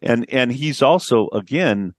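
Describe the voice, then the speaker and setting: A man's voice: medium pitch, lively intonation, measured pace, dry recording, studio quality. A man, a business coach, telling stories of clients on a podcast and acting out their quotes. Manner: storytelling, acts out quotes with a rising voice. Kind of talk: podcast interview.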